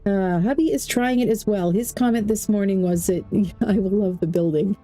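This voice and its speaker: A woman giving casual, chatty let's-play commentary as a game streamer, thinking out loud as she plays. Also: mid-range voice, normal speed, hardly any pauses, soft background music. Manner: chatty, thinks aloud while playing.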